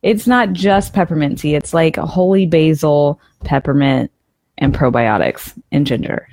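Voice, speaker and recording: A woman's voice: deep voice, a little slow, darkish tone, no room sound. A young adult woman co-hosting a podcast, chatty and self-deprecating, laughing easily. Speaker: podcast co-host. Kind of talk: casual podcast chat.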